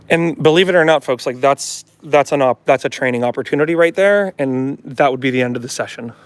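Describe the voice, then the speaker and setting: A man's voice: medium pitch, fairly quick, dry recording. A man talking as a dog trainer in a casual live demonstration, chatting to his viewers and coaxing a dog along. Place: at home with a dog, partly in the yard.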